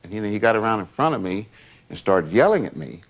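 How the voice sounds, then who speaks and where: Older male storyteller, low-pitched voice, loose and rambling. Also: big pitch swings, fast. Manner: rambling anecdotes with many asides. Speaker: longtime associate recounting memories. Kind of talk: casual storytelling.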